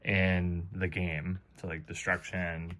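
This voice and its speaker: Man, low voice, bright and forceful tone, casual card-game lesson, chatty. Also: little pitch movement, slow pace. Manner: chatty, playful, explains with comparisons. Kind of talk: casual explanation at a table.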